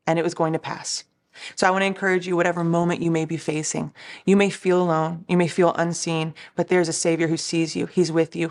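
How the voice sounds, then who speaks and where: Young woman doing a chatty devotional, earnest and encouraging, kinda low voice. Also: a little mellow. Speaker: Christian recording artist sharing a devotional. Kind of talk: casual devotional message.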